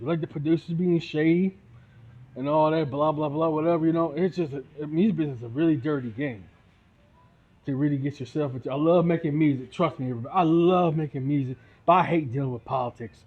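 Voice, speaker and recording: His voice a little high and his pace quick, a Toledo, Ohio man who makes music independently delivers an angry rant straight to the camera. He repeats himself and says "you know what I'm saying" again and again, and the audio has a tinny, phone-like feel.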